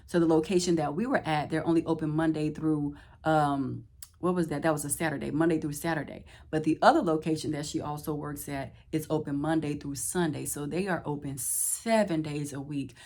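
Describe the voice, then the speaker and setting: A woman chats to the camera, and her slightly low voice leaps up high whenever she acts out someone else's words. She laughs often and keeps the story moving in lively, casual bursts. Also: brisk. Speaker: vlogger. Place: Houston, Texas.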